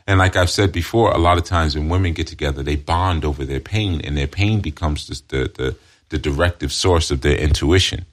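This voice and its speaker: A man's voice: very deep voice, fairly quick. A man teaching as a spiritual counselor in an emphatic monologue, often repeating himself and adding "you see".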